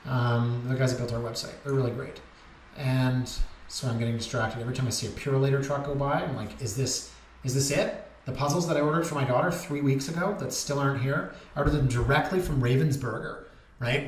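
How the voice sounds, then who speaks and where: A man's voice: medium pitch, fast. A man working as a real estate agent, chatting candidly and wandering off topic as he goes over listings. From Canada. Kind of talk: casual market commentary over listings. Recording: echoey room with faint noise.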